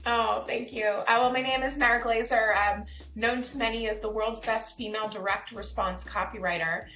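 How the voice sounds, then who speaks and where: A woman copywriter guest in an interview, speaking in a mellow, slow, calm way. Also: a little high. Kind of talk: interview advice. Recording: roomy sound with music.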